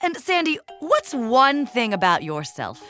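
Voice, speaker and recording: A woman's voice: fairly high pitch, very animated, measured pace, fairly bright tone, soft background music. A woman hosting a playful kids' game show in an upbeat, bouncy manner.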